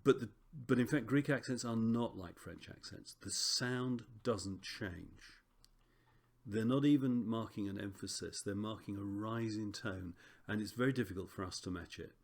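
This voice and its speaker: A man teaching a recorded Greek lesson, relaxed and chatty with frequent ums and self-corrections. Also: fairly low pitch, normal speed.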